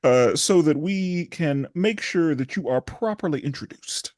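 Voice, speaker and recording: A man with a fairly high voice hosts a podcast and leads the chat with playful, showman-like flair. The sound is close and dry, with no room around it. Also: lively intonation, measured pace, darkish tone, dry recording. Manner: playful, showman-like build-ups. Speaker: podcast host.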